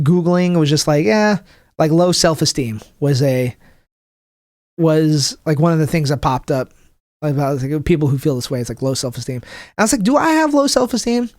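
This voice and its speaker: A young man hosting his own podcast as a stand-up comic, rambling and swearing, with lots of restarts and "like", acting out other people's lines in a higher voice. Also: no room sound, clean studio sound. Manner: acts out people's quotes in a higher voice. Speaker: podcast host. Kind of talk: casual solo podcast rant. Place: home room, livestreaming.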